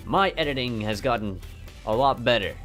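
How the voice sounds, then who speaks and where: A man's voice: mid-range voice, animated, moderate pace. A teenage boy chatting casually on his vlog, jokey and self-mocking, into a desk mic at home. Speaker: YouTuber. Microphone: desk mic on stand. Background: soft background music.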